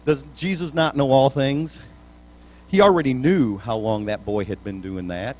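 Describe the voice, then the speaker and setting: A man's voice: mid-range voice, moderate pace, a little mellow, low-quality recording. A male pastor preaching a sermon in a church, in a folksy, plainspoken way with colloquial grammar.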